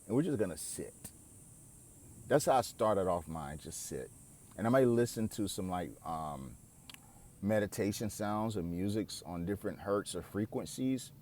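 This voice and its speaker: Man in his 40s talking self-help, low-ish voice, loose and candid, swears a lot. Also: darkish tone. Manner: candid, conversational, swears freely. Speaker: podcast host. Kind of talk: casual self-help monologue.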